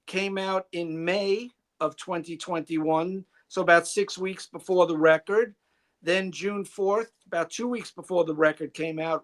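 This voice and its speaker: A man with a fairly high voice walks through an album's credits and release details. His delivery is informative and matter-of-fact, and he speaks over a video call. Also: fairly bright tone. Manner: informative, reading off facts. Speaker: podcast co-host. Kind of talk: album review talk.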